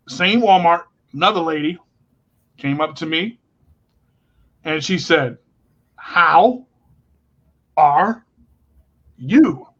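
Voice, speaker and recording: Guy ranting through a story, animated, cusses a lot, muffled lo-fi sound. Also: on the high side. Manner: animated, blunt, swears freely. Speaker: podcast co-host. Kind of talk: casual storytelling chat. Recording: dull lo-fi recording.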